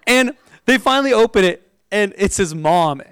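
High, clear-voiced young preacher. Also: male voice, normal speed, no echo, low-quality recording. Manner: animated, chatty storytelling with frequent "like" and laughter. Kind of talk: sermon with personal storytelling.

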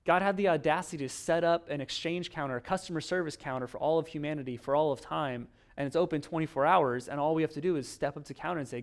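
Chatty male preacher, slightly high voice. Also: fast talker, few pauses. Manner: conversational, self-deprecating, acts out little dialogues. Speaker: pastor. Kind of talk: sermon.

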